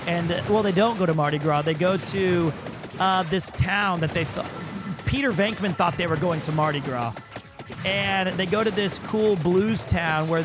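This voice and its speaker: A man streaming a game in casual chat with a hoarse, partly lost voice. He rambles and talks excitably, and he pokes fun at himself. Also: sits high. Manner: rambling, excitable, self-deprecating. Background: game music.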